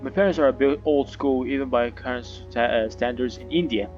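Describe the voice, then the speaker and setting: A man's voice: mid-range voice, brisk, darkish tone, muffled recording, faint music behind, natural voice. A man reading the lines of a young woman passenger in a story game, unhappy about an arranged marriage, in his own plain voice. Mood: wistful.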